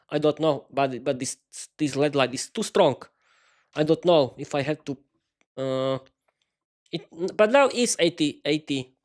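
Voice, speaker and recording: A podcast host with a slightly higher than usual voice chats casually to his live-stream viewers from a small home studio, speaking into a desk microphone. He is hesitant and stutters, restarting sentences often, while fiddling with his lighting.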